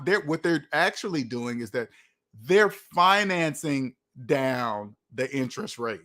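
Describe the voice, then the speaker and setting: A man hosting a livestream, answering viewers' comments in an emphatic way, slowing down to stress his points. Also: on the high side, fairly bright tone. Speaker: livestream host. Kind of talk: live chat reading comments.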